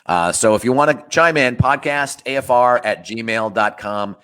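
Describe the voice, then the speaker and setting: A man's voice: mid-range voice, moderate pace, a bit bright, smooth. A man co-hosting a casual sports podcast, with dry, joking sarcasm. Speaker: podcast co-host.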